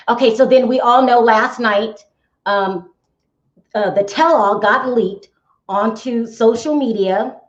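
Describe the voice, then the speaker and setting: A woman hosting a casual gossip show, chatty and full of exclamations, talking straight to her viewers. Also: medium pitch. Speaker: YouTube gossip show host. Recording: echoey room, dull sound.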